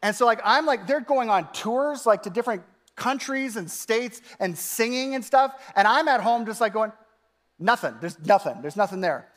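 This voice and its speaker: A man preaching as a pastor, talking in a casual, animated way with lots of "like" fillers. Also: extremely high pitch, normal speed, big-room sound. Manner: conversational, animated, frequent "like" fillers. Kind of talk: sermon.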